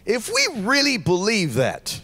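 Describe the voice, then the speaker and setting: A man preaching a sermon in a church, shouting out fervent declarations to the congregation. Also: sits high, wildly swooping pitch, unhurried. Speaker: guest pastor.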